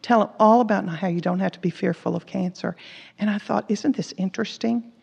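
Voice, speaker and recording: Speaking a little fast in a mid-range voice that is creaky, slightly mellow and breathy at the edges, this woman is a Bible teacher delivering a sermon. She tells personal stories with earnest feeling and performs the quoted lines. Captured in an echoey hall, the audio is dull and lo-fi.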